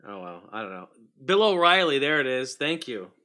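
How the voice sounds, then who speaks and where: Male livestream host with a bright, forward tone, easygoing chat with viewers, mutters through tech fixes. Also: medium pitch, big pitch swings, moderate pace. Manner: chatty, greets viewers by name, mutters while fixing tech.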